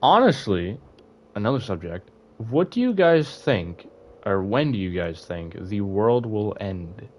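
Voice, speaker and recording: A man's voice: fairly low pitch, sing-song, measured pace, dull audio. A young man streaming, chatting casually to his viewers, rambling with lots of fillers and restarts. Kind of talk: casual live-stream chat.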